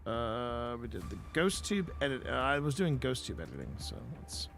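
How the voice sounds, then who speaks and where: A man's voice: mid-range voice, sing-song, moderate pace, gravelly, a bit bright, faint music behind. A man hosting a live stream, chatting casually and rambling with his viewers. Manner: rambling, self-interrupting, playful banter with chat.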